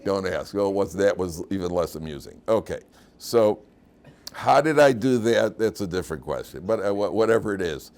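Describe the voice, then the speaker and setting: Deep-voiced older rabbi telling stories. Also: male voice, brisk, a little mellow, slight background noise. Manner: anecdotal, self-deprecating storyteller. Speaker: rabbi and yeshiva teacher. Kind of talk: humorous lecture with stories.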